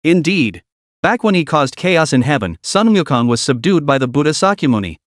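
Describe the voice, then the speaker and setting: A man voicing a calm, elderly bearded sage god who speaks slowly and measuredly. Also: a little high, no room sound, studio quality. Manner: slow, measured.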